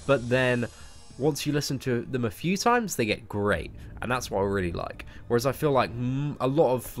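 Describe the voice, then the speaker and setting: Chatty young southern English man. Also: medium pitch. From Surrey, southern England. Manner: rambling, stammering restarts, chatty slang. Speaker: streamer. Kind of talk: casual live-stream chat. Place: parents' garden, outdoors.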